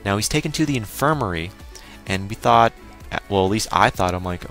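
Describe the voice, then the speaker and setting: Young male anime reviewer, deep low voice, crude chatty recap, faint music underneath. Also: expressive, a little fast, a bit bright. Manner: crude, exclaiming, mock-quoting himself. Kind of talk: casual episode recap.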